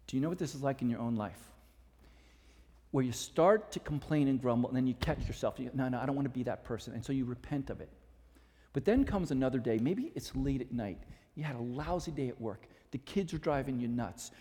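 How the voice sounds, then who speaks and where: Storytelling preacher in an echoing hall. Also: male voice, animated, fairly quick. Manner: drops to a low, intimate hush for emphasis. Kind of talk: sermon storytelling. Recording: reverberant hall.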